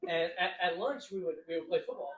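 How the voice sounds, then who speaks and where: A man's voice: high voice, lively intonation, quick pace, reverberant, poor audio. A young man co-hosting a podcast, telling stories in a casual, rambling way, often laughing and acting out what people said. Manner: rambling, laughing, acts out quotes. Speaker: podcast co-host. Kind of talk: casual storytelling.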